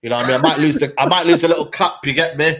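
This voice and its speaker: An excitable man with a fairly high voice, co-hosting a loose football chat on a stream. He talks in rambling runs and peppers them with "man", "mate" and "bro". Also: racing. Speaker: co-host, football fan. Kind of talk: casual chat on a live stream.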